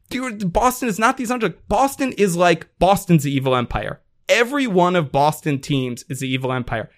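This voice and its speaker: A man's voice: a little high, fairly bright tone. Fired-up man ranting about sports. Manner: heated, profane, sarcastic ranting. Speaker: podcast co-host. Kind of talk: ranting sports podcast chat.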